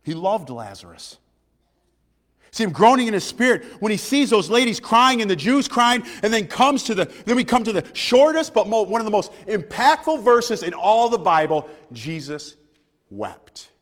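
A man, preaching a sermon to a church, swinging between loud preaching and hushed, quiet lines. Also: high-pitched, big pitch swings, moderate pace, in a large hall. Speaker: pastor.

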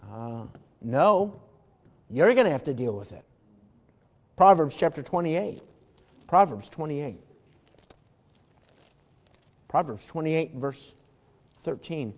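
Speaking a little slowly and pausing often, a pastor with a slightly high, somewhat mellow voice and lively intonation preaches an evening sermon in a church sanctuary. He reads King James scripture aloud with fervor and questions the congregation directly, his words trailing in the long reverb of a large hall.

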